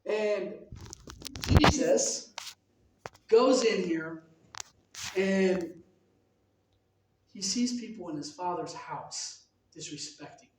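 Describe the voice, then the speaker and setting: High-voiced man preaching in an echoing hall. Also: slight background noise. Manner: conversational, asks the audience questions. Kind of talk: sermon. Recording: very echoey hall, mic at a distance.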